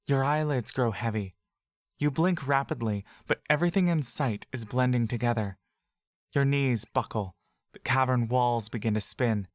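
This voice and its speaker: In second person, an audio drama narrator reads scripted fantasy narration at a slow, measured pace. The voice sits mid-range, and the recording is dry and studio quality.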